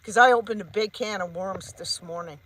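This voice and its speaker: A woman's voice: mid-range voice, normal speed, a bit bright, poor audio. A woman, a psychic medium, giving a heated vlog rant and repeating her points emphatically. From Canada.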